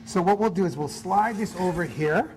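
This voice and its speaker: A man's voice: sits high, moderate pace, darkish tone, slight background noise. A man who is a chef, talking through a cooking demonstration in an upbeat, easygoing way. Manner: upbeat, easygoing, apologetic when teased. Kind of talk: cooking demo chat.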